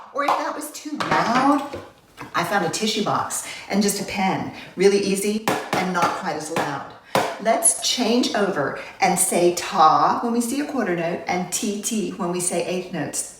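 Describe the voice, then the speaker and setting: A woman teaching children a music lesson, leading them in clapping and chanting rhythms in an encouraging way. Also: on the low side. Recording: echoey room from far off, with noise.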